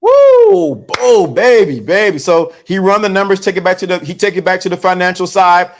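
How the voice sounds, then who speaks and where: A man's voice: high voice, fast talker. A man telling a comic story in a monologue and acting out every part of the scene. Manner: animated, acts out both sides of a scene. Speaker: commentator.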